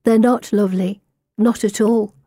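A woman reading a story aloud, voicing an anxious schoolgirl who speaks in a hushed, shaky, warning way. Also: mid-range voice, steady tone, normal speed, breathy edge, dry recording, clean studio sound, lightly acted. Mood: uneasy. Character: anxious, guarded girl at a boarding school.

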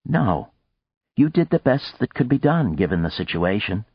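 A man's voice: on the low side, very animated, normal speed, husky, no room sound, pitched above the performer's own voice, full character voice. A man voicing a terse, earnest woman in a dry, dull lo-fi audiobook recording.

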